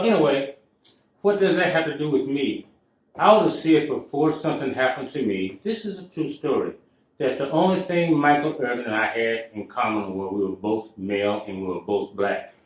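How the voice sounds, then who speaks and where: A man's voice: medium pitch, moderate pace. A man hosting his own talk show, telling a story casually with emphatic turns. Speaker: show host. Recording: echoey room, mic at a distance.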